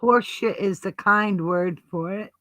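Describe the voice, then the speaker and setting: A woman's voice: medium pitch, measured pace, bright, forceful tone, dry recording. A woman co-hosting a casual livestream, chatty and giggly, a little out of breath. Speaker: livestream co-host.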